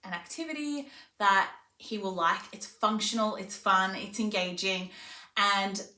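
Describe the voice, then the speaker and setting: In this parent tips video, the speech pathologist talks at a measured pace with a bright, forceful mid-range voice. She explains things warmly and slips into a sing-song tone when demonstrating play. She's recorded from afar in a reverberant room, slightly off-mic.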